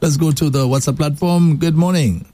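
A man hosting a call-in radio show, calm and firm when he disagrees with callers. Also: a little high, moderate pace. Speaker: radio host.

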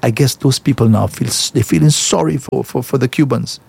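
A husky-voiced man delivers solo commentary. He talks emphatically and repeats phrases for effect. His delivery is indignant and direct. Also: mid-range voice, fairly quick, darkish tone. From Saint Lucia. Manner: emphatic, repetitive, indignant, addresses listeners as folks.

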